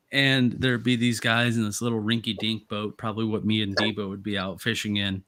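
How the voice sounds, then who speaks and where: Co-host, male, low-ish voice, rambling storyteller, dry close mic. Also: little pitch movement, moderate pace, bright, forceful tone, dry recording. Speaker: co-host of a live fishing stream. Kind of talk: casual chat.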